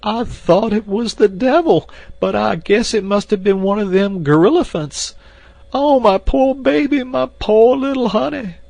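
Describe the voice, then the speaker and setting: A man voicing a terrified, wailing woman servant in a shrill falsetto for an audiobook. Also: lively intonation, slow, vocal fry, hardly any pauses, darkish tone, dry recording, exaggerated voice. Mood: wailing terror. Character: frightened plump maid, woman, wailing and easily terrified.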